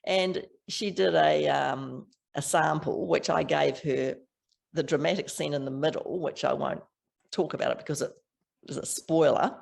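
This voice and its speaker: A woman's voice: sits low, fairly even intonation, moderate pace, vocal fry, darkish tone. An older woman with a strong New Zealand accent, chatting as an author guest in an interview with frequent laughs and restarts. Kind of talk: casual interview chat.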